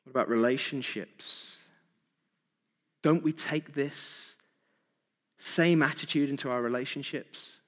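A man's voice: medium pitch, measured pace, pauses often, big-room sound. A man preaching an evening sermon, asking his congregation rhetorical questions with emphasis. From Britain.

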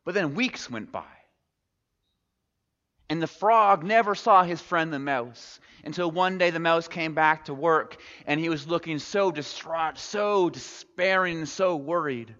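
A man's voice: a little high, unhurried, fairly bright tone. A man preaching in a church, telling a story expressively, then reflecting on it. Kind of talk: sermon storytelling. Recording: dull recording with long hall reverb.

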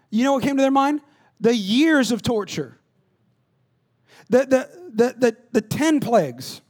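A man, a pastor, preaching a sermon in an animated storytelling way, dropping to a hush and then rising loud. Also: extremely high pitch. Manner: animated storytelling, jumps between hushed and loud.

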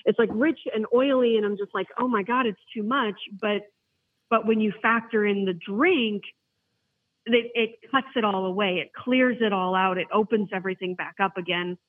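A man's voice: high-pitched, moderate pace. Enthusiastic man on a tinny phone line. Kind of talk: casual podcast chat.

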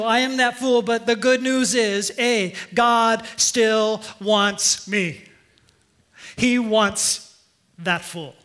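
A man preaches with earnest emphasis from the pulpit, his voice pitched very high and ringing bright. He invites the congregation to repeat lines back to him in a church setting. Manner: earnest, emphatic, leads the congregation in call-and-response. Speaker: pastor. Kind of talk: sermon.

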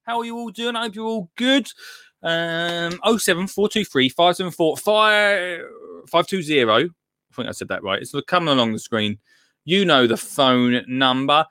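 A man's voice: fairly high pitch, animated, normal speed, sharp tone, dry recording. A British man chats through a live gardening stream from a home studio, his voice rising and falling a lot as he jokes at his own expense. The sound is close and dry, with no room around it. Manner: chatty, self-mocking, restarts a lot. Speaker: gardening show host. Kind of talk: casual live-stream chat.

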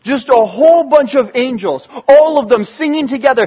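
Excitable high-voiced man telling a sermon story. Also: normal speed, rough recording. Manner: excitable, animated. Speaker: storyteller preacher.

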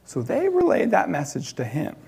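A man preaching, telling a personal story in an animated way with laughter between loud and hushed moments. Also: fairly high pitch, normal speed, gravelly, crowd noise.

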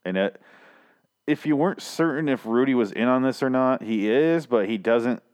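A man's voice: medium pitch, expressive, moderate pace, darkish tone, clean tone. A man hosting a review podcast, talking casually in a rambling, profane way with many fillers and restarts. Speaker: podcast host reviewing a TV series. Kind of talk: casual chat.

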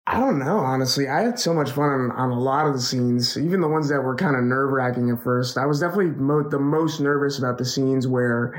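A man's voice: medium pitch, a little fast, hardly any pauses. An easygoing young man with a mid-range voice, talking through his acting experience. He hesitates often, leaning on "um" and "like" as he thinks. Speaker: actor guest. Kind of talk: casual chat.

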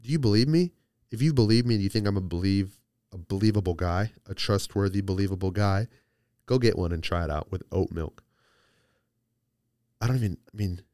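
A man's voice: deep voice, a little mellow, clear, resonant tone, no room sound, clean studio sound. A young man hosting a solo podcast, chatting casually and rambling playfully with lots of restarts. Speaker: podcast host.

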